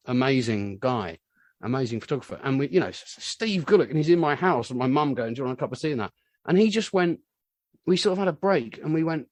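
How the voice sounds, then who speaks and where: A man, a musician, telling rambling anecdotes in a casual interview and getting animated when he acts out what others said. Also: mid-range voice, no room sound. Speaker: musician guest.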